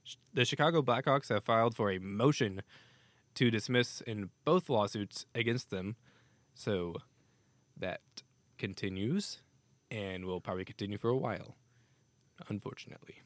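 A man's voice: fairly low pitch, normal speed, pauses often, dry recording. A man hosting a casual hockey news podcast, reading statements aloud with offhand asides. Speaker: podcast host.

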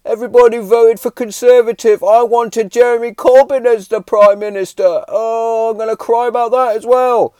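A man mimicking a sulky, self-pitying protester in a mocking high whine. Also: steady tone, normal speed, hardly any pauses, dark tone, clear, resonant tone, dry recording. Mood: whining.

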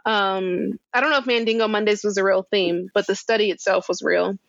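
A woman's voice: medium pitch, fairly even intonation, a little fast, vocal fry, dry recording, muffled recording. A woman co-hosting a casual chat, rambling through what she looked up, with lots of "um" and "like". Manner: chatty, rambling, full of "um" and "like". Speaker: podcast co-host.

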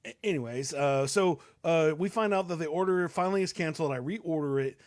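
A man's voice: on the high side, fairly quick, a little mellow, no room sound. Rambling young man telling a story. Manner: rambling, many fillers and restarts. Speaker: co-host. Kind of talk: casual storytelling.

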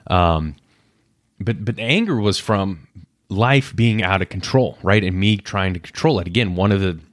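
A man's voice: deep voice, moderate pace, dry recording, studio quality. A man in his thirties hosting a podcast, talking candidly and reflectively about his own past and acting out his inner voices. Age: 30s. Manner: candid, self-searching, acts out inner voices. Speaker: podcast host. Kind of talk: personal reflective monologue.

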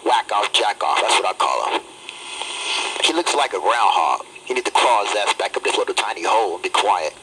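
A man hosting his own show on a phone chat line, loud and excitable, always scolding callers to watch their mouth. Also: on the low side, brisk, very noisy. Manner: excitable, keeps repeating "hey, hey, watch your mouth".

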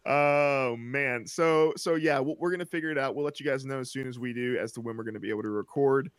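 A man from the American South hosts a relaxed podcast chat and breaks into laughs often. His voice sits mid-range and sounds close and dry, with no room around it. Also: medium pitch, fast, clean tone, dry recording. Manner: laughs often, loose and chatty. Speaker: podcast host. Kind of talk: casual chat.

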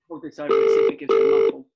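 A man's voice: very deep voice, gravelly, lo-fi sound, slight background noise. A man co-hosting a podcast, chatting loosely, laughing and swearing as he plans prank calls. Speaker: podcast co-host. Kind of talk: casual podcast banter.

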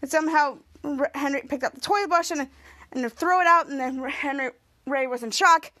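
A woman's voice: high-pitched, a little fast, sharp tone. A woman hosting a podcast, casually retelling a TV episode scene by scene in a rambling way. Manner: retells scenes step by step, acting out characters' lines; rambling, with frequent restarts. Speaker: podcast host.

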